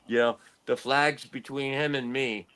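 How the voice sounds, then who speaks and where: A man's voice: mid-range voice, fairly even intonation, unhurried, sharp tone, smooth. A man in his late fifties, a podcast host, telling rambling stories in casual chat and laughing often. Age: 50s.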